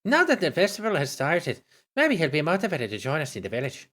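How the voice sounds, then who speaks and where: A man's voice: a little high, huge pitch swings, a little fast, fairly bright tone, voice pushed up. A man putting on a busy village woman. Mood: grave. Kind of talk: reading game dialogue aloud.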